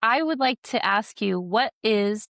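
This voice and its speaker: A woman hosting a podcast interview, asking her guest questions in a measured, inquisitive way. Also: fairly high pitch, lively intonation, creaky, fairly bright tone, dry recording, studio quality. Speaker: podcast host.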